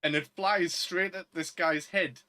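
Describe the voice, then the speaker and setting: A man's voice: fairly high pitch, steady tone, a little slow, bright, forceful tone. A man, co-hosting a casual film chat in a chatty, opinionated way. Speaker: podcast co-host.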